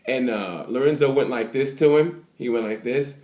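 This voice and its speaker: A man giving a casual, animated race recap, full of fillers, swinging from excited to hushed. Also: medium pitch, moderate pace. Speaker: motorsport commentator. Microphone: phone or camera mic.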